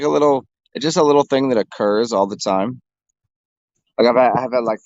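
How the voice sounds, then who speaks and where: A man's voice: medium pitch, no echo, highs cut off. Rambling man on a windy outdoor phone stream. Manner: rambling, halting, with many fillers and restarts. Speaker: vlogger. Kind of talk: casual livestream chat. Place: outdoors, in a windy city park.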